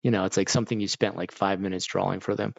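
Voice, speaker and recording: Low gravelly man, casual stream chat, profane ranting, dry dull lo-fi mic. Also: level tone, fast talker, no room sound. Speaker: art teacher and streamer.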